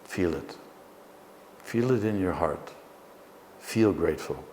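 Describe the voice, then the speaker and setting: Deep-voiced man guiding a slow meditation. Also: animated, in a large hall, a little hiss or hum. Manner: slow, gentle, soothing guidance. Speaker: meditation teacher. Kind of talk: guided meditation.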